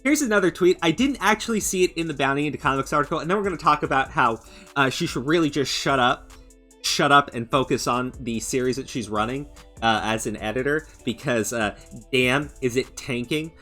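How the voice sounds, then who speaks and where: A man with a medium-pitched, bright, forceful voice rants on a commentary channel in a mocking, sarcastic and profane manner. His speech is halting, with restarts and stammered fillers, and there's faint music in the background.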